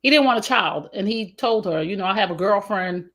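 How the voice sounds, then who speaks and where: A woman's voice: medium pitch, lively intonation, fairly quick, a bit bright. This is a woman co-hosting a relationship talk show, blunt and emphatic in her advice. She speaks with features and leans into her points like a lecture. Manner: outspoken, emphatic, preachy advice. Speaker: co-host.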